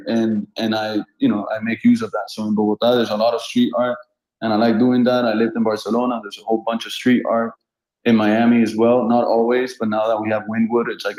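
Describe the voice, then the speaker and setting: A man in his thirties from Colombia, a street artist telling funny anecdotes in a relaxed, animated way and laughing often. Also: fairly low pitch. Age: 30s. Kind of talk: casual storytelling. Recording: roomy echo.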